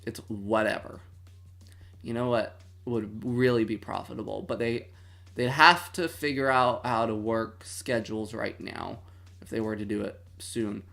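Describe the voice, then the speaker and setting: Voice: medium pitch, fairly even intonation, a little slow, gravelly, fairly bright tone. A streamer in their twenties hosting a movie watch-along, chatting casually and dramatically with mock outrage. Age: 20s. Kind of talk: casual livestream chat.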